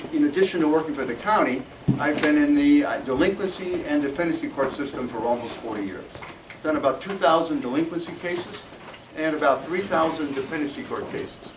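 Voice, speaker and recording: Halting older man lecturing in an echoey room. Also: on the high side. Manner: halting, with frequent restarts. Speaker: guest speaker. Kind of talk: lecture to an audience. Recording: distant, echoey, with room noise.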